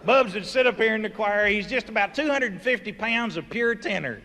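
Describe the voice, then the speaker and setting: A man telling folksy stand-up stories and bursting into loud voiced sound effects, recorded live. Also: high-pitched, lively intonation, a little fast. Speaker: comedian. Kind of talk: stand-up storytelling. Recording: live show recording from a hall with audience ambience.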